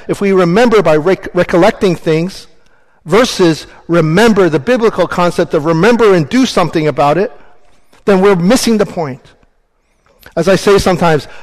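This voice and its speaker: A man's voice: high-pitched, in a large hall. A man preaching a sermon as pastor, earnest and emphatic, reading scripture aloud.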